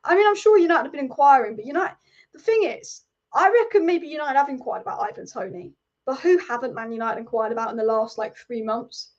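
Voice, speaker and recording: A woman's voice: high-pitched, fairly quick. A young woman hosting a live football stream, chatting bluntly and reading out viewer comments. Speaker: football channel host. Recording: dull lo-fi stream audio.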